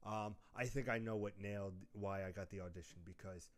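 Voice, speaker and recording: A young man telling lively stories in a casual chat, often laughing mid-sentence. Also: lowish voice, brisk. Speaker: podcast co-host.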